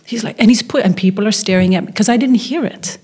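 This middle-aged woman from Norway, a filmmaker, tells an interview story with lively flair, imitating the people she quotes. Her mid-range voice moves at a quick pace and carries a breathy edge.

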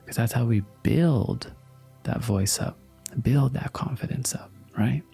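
A man's voice: medium pitch, vocal fry, mellow, husky. A man giving an earnest motivational talk, often checking in with "you understand?", with faint music behind him. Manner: earnest, repetitive, slow-paced, asks "you understand?".

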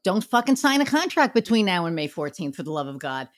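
With a low, sing-song voice and a quick pace, this woman, a marketing business owner guesting on a podcast, chats casually and candidly. She swears freely and acts out what others said.

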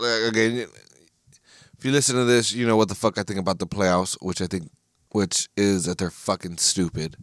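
A man's voice: on the low side, fairly bright tone, no echo, clean studio sound. An American man hosting a solo podcast, ranting in a frustrated, profane way and often restarting his sentences. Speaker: podcast host. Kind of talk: solo casual podcast rant.

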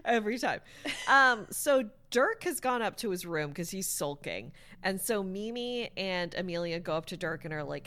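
Woman, lowish voice, casual rambling plot recap, filler-heavy, loose and profane. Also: lively intonation, moderate pace, sharp tone. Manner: rambling, lots of "like" and "um", casual swearing. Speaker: storyteller recapping a book. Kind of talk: casual chat.

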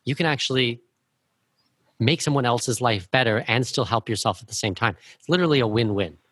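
A man's voice: mid-range voice, brisk, fairly bright tone, slightly rough, no echo. A man hosting an interview podcast, asking follow-up questions in a conversational way. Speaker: podcast host. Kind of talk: casual interview talk.

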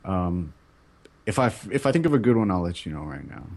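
Male panelist, lower pitch, halting casual delivery. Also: big pitch swings, darkish tone. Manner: halting, full of restarts and fillers.

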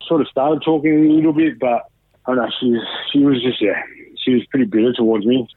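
A man's voice: medium pitch, fairly quick, dry recording. A man in his thirties with an Australian accent, a guest telling a story candidly in a casual interview, swearing freely and retelling events with animation. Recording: dry, tinny phone line.

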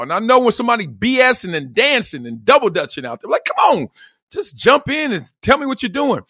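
A man's voice: on the high side, dry recording, clean studio sound. A middle-aged man hosting a podcast, telling stories in a loose monologue, acting out the people he quotes and laughing often. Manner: animated, acts out quoted voices, laughs often. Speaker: podcast host. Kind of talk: casual storytelling monologue.

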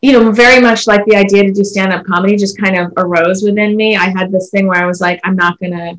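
A woman's voice: medium pitch, fairly even intonation, quick pace, roomy sound. A woman from Canada in her thirties, a panelist telling her story in an earnest, conversational way with many "like" and "you know" fillers. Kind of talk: casual panel discussion.

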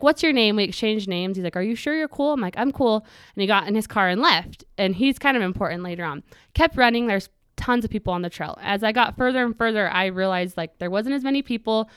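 A woman's voice: medium pitch, a bit bright, clear, resonant tone, no echo. Woman telling a vivid personal story. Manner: vivid storytelling that acts out her own quoted thoughts; earnest with flashes of humor. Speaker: podcast guest. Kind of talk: personal story told in an interview.

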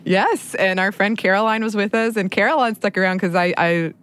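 A woman's voice: medium pitch, a little fast, fairly bright tone, slight background noise. A woman co-hosting a podcast in casual chat, chatty and often laughing as she talks. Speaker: podcast co-host.

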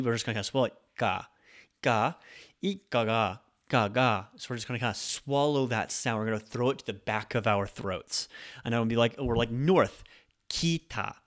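Guy teaching on a podcast, chill and chatty, lots of ums, mid-pitched voice. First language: English. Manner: casual, upbeat, many fillers, repeats example words slowly. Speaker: Japanese language teacher. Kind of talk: podcast lesson.

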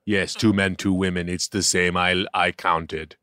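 A man's voice: sits low, flat delivery, measured pace, pushed and bright, dry recording. Sarcastic man co-hosting a podcast. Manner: dry, sarcastic teasing. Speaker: podcast co-host. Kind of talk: casual chat.

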